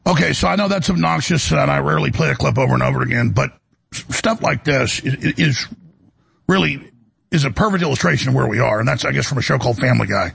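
A man's voice: mid-range voice, fast talker, a bit bright. A man hosting a talk radio show, delivering a rambling, indignant monologue full of restarts. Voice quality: gravelly, raspy.

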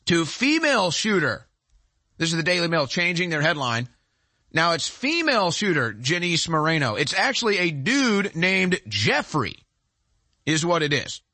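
Forceful, indignant male commentator. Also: on the high side, big pitch swings, moderate pace, no echo. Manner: indignant, emphatic, piles up rhetorical questions. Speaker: show host. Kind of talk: heated political commentary monologue.

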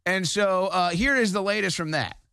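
A man's voice: high-pitched, moderate pace, bright, forceful tone, clear, resonant tone, dry recording, clean studio sound. A man hosting a political talk show, delivering emphatic, combative commentary.

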